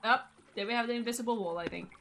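A woman's voice: fairly high pitch, fast, a bit bright, a little hiss or hum. A young woman from Norway, chatting casually through her gameplay, gushing and talking to her horse. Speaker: gaming channel host.

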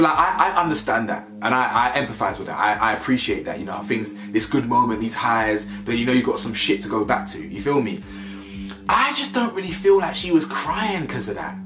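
Lively man ranting, laughing. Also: mid-range voice, reverberant. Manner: animated, slangy, laughs often, repeats words. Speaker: TV review vlogger. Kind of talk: casual reaction commentary.

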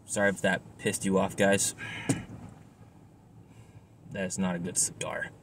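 A man talks in a casual vlog with a very low voice. He sounds tired and stressed, rambling and apologizing, with fillers and restarts. A faint hiss of noise sits under his voice. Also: level tone, a little slow. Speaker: cigar reviewer.

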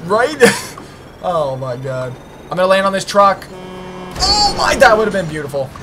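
A young man excitedly shouting and joking as he comments on online gameplay with friends. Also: high voice, unhurried, background noise. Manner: excitable, frequent exclamations and shouts. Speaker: gaming channel host. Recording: music playing underneath.

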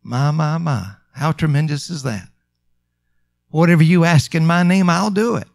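A male pastor with a high, light voice delivers a sermon. He stretches key phrases out slowly and lifts them into emphatic calls, then drops back to a quieter, confiding tone. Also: creaky. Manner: emphatic preaching, drawn-out slow phrases and rising calls.

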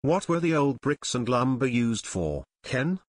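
A man voicing Frank, a calm, kind teenage boy detective with a steady, inquiring manner. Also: medium pitch, unhurried, dry recording.

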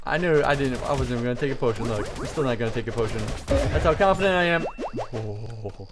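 A man giving lively let's-play commentary, taunting game enemies and joking as he fights. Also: mid-range voice, quick pace, music in the background. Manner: excitable, taunting enemies aloud. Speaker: gaming channel host.

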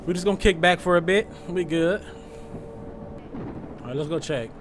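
A young man giving joking, loud let's-play commentary, full of slang as he reacts to the game. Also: high-pitched, normal speed, faint music behind. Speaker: gaming streamer.

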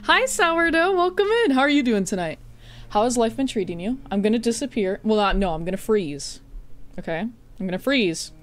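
A woman's voice: mid-range voice, fairly quick, faint music behind. Chatty, laughing woman streamer. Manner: chatty, greets viewers by name, laughs often; playful teasing. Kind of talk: casual live-stream chat while gaming.

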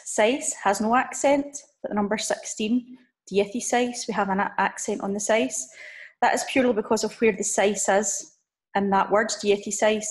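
A woman teaching a recorded lesson, saying each number slowly and clearly for her learners to repeat. She stops often to explain and to check in with a gentle "okay?" Her pitch sits in an ordinary middle range. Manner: slow, drawn-out drill of numbers with frequent "okay?" check-ins. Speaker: language teacher.

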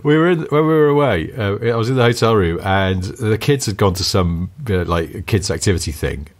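A man from northwest England banters on a casual podcast, teasing his co-host and joking freely. His voice is low and a little husky, and his pitch swings widely as he talks. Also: animated, brisk. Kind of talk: casual chat.

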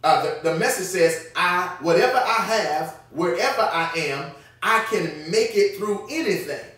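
A male pastor preaches an emphatic midweek Bible study, repeating key phrases and calling on his listeners to respond. His voice sits high, and it is picked up from some distance. The church room around him rings with heavy echo. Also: animated, a little slow, fairly bright tone. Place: church sanctuary. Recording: echoey church hall, mic at a distance.

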